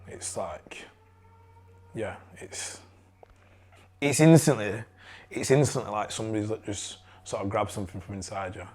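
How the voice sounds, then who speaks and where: A young man with a Yorkshire accent telling a personal story in a candid, halting way and swearing freely. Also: fairly low pitch, a little mellow.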